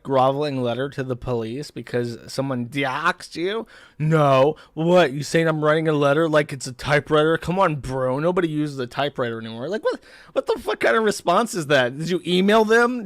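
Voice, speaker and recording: A man's voice: a little high, fairly bright tone, no echo, studio quality. A man hosting a live stream, reacting to a clip and to chat in a profane, incredulous, mocking way. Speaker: streamer host. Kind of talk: casual live-stream commentary.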